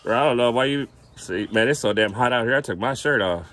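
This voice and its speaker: A man hosting a casual chat, a brash joking loudmouth who teases his guest. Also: mid-range voice, fast talker. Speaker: host. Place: outdoors, hot day.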